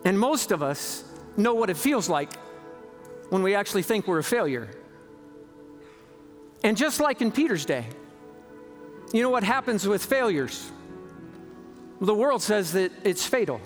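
High-voiced pastor telling a dramatic story. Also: male voice, very animated, soft background music. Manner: dramatic storytelling, shifting between slow emphasis and quick bursts. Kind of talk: sermon.

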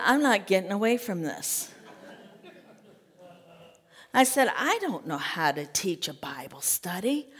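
Slow-speaking woman teaching the Bible. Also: mid-range voice. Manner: animated, acts out scripture quotes and conversations. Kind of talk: sermon-style Bible teaching. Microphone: podcast mic.

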